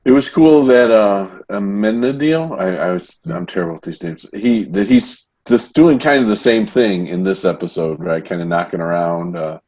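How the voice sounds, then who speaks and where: A man who works as a pastor co-hosts a podcast on a TV show, speaking in a low voice. He talks casually and wryly, dropping mocking jokes as he goes. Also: normal speed, few pauses, darkish tone. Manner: wry, joking, with mocking asides. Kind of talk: casual discussion of a TV episode.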